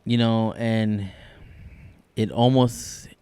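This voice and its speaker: An excitable podcast co-host with a low-pitched voice, talking in loose, profane banter. He is recorded close on a dry mic with no room sound. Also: very slow, smooth, no room sound. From Mexican family, from Durango. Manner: excitable, swears freely, loud laughs.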